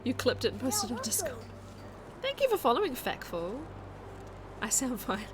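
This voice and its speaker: A woman with a soft New Zealand accent, chatting casually on a live game stream, reading chat aloud and thinking out loud as she plays. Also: on the high side, very animated, moderate pace, crowd noise.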